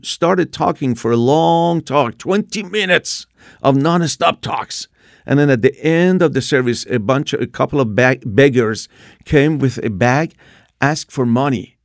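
Gravelly man in his sixties. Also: a little high, no echo, clean studio sound. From Iran. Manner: animated retelling with acted-out quotes. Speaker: guest telling his testimony. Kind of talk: personal storytelling.

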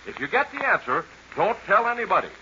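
Lively old-time radio announcer man. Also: fast talker, slight background noise. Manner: folksy, peppy sales pitch. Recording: muffled old radio recording.

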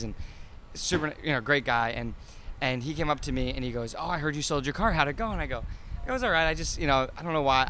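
A man's voice: mid-range voice, fairly bright tone, a little hiss or hum. A man in his thirties, an interview guest chatting casually about his cars, rambling with lots of fillers and restarts.

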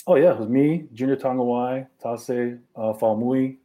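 A man from Hawaii, a former football player as guest, talking in a relaxed way with many fillers. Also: medium pitch, normal speed. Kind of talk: casual interview.

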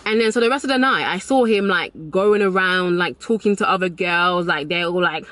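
Woman, vlogger, mid-pitched voice, emphatic, lively storyteller who repeats her points. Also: brisk, few pauses. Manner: emphatic, repeats key lines for effect; animated storyteller, acts out quoted voices. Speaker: vlogger giving dating advice. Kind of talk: motivational to-camera talk.

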